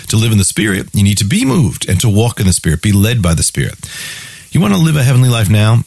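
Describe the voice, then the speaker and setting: A man's voice: mid-range voice, gravelly, a little mellow, slightly rough, dry recording. A man giving a radio sermon and then an on-air offer, preaching with an emphatic, repetitive cadence.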